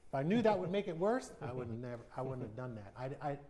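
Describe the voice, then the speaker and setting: A man's voice: medium pitch, big pitch swings, quick pace, warm tone. American guy in his 50s, open and thoughtful, tv sit-down interview. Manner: candid, reflective, acts out quoted voices. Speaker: interview guest, retired baseball player.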